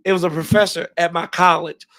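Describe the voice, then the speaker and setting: A man hosting a fan livestream, hoarse and emotional, thanking his viewers in a rambling, heartfelt way with many restarts. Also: a little high, level tone, fairly quick, bright, forceful tone. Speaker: fan show host.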